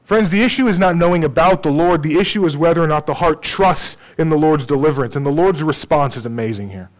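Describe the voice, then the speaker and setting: A man's voice: a little high, quick pace. A man preaching a sermon in a conversational way, often checking in with "okay?" and "right?".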